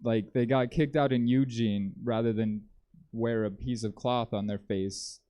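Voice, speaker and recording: A man doing a stand-up comedy set on a theater stage, rambling in a deadpan way with frequent ums. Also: mid-range voice, a little slow.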